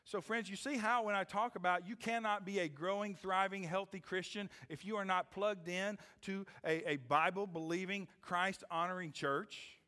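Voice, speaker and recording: A middle-aged man preaching a sermon as pastor, swinging from loud rising questions to hushed lines and checking in with "okay?" and "amen?". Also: high-pitched, fairly even intonation, normal speed, few pauses, long reverb tail. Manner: repeats "okay?" and "amen?" to the congregation.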